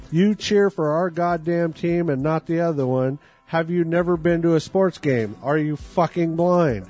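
A man with a fairly high voice reads an angry email aloud as a comic performance, spitting out each line in a furious, profane rant. Faint music plays softly underneath. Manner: furious, profane ranting delivery. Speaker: reader.

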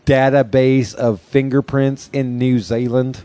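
A man's voice: medium pitch, steady tone, measured pace, warm tone, dry recording. A man hosting a casual comedy podcast, crude and joking, laughing often as he talks. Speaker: podcast host and stand-up comic.

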